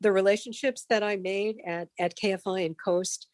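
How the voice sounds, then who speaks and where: A middle-aged woman, a broadcast consultant, telling animated career anecdotes as a podcast guest and acting out the voices of people she quotes. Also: medium pitch, normal speed, no room sound. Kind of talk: storytelling in a podcast interview.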